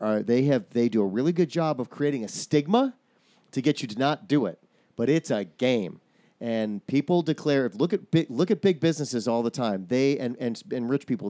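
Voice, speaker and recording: A man's voice: mid-range voice, dark tone, no echo. A man in casual chat, talking through his own theories at length, often restarting his sentences.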